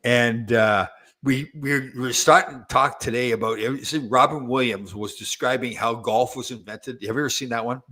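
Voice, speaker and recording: A man hosting a casual chat, telling stories in a halting, rambling way full of restarts and fillers. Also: medium pitch, bright, forceful tone. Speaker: podcast host.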